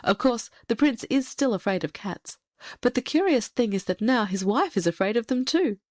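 A woman reading a fairy tale aloud in a gentle, measured storybook narration. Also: a little high, animated, no echo, studio quality. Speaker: audiobook reader.

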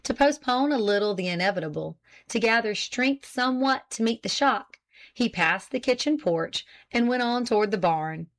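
A woman narrating a classic novel as a volunteer audiobook reader, in a measured, even storytelling manner. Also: a little high. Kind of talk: scripted narration.

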